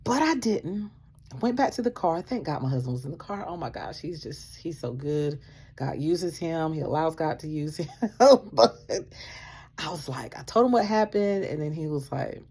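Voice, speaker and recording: Husky low-voiced woman telling a story. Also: normal speed. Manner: animated, acts out dialogue, laughs often. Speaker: vlogger sharing a faith testimony. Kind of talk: casual storytelling.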